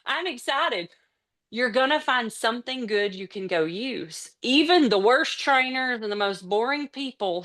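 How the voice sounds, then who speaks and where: An energetic woman leads her team through a motivational training talk. She speaks in a mid-range voice. She is chatty and excitable, so worked up that she runs a little out of breath. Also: medium pitch. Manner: chatty, with casual slips and restarts. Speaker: team trainer on a business call.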